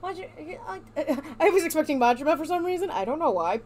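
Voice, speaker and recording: A woman's voice: sits high, big pitch swings, fast talker, a little mellow, a little hiss or hum. A young woman giving joking, teasing commentary while playing a video game. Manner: sarcastic, teasing, playful. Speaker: gaming streamer. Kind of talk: joking let's-play commentary.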